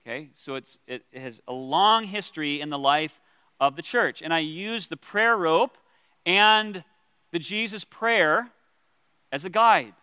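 A man teaching as a pastor about prayer, earnest and gentle, with pauses and restarts. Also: a little high, smooth, dry recording, in a large hall.

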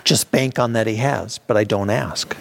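A man's voice: lowish voice, fairly even intonation, normal speed, vocal fry, background noise. A man leading an informal Bible study, talking conversationally with restarts and acting out the voices people use to excuse themselves. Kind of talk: informal teaching.

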